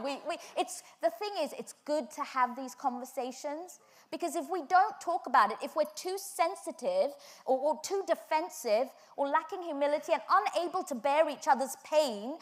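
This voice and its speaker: High-voiced woman preaching. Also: moderate pace. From England. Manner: animated storytelling that builds to fervent emphasis. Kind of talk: sermon.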